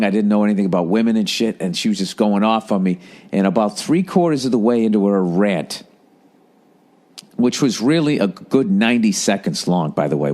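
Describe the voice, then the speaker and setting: A man's voice: deep voice, darkish tone. A middle-aged man, a comedian and podcast host, telling a rambling, profane comic story in casual chat.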